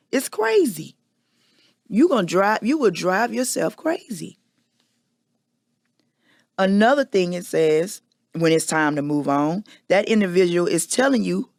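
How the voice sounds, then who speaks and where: A woman's voice: medium pitch, dry recording, studio quality. A woman hosting a podcast, telling a personal confession in a candid, emphatic storytelling manner. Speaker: podcast host.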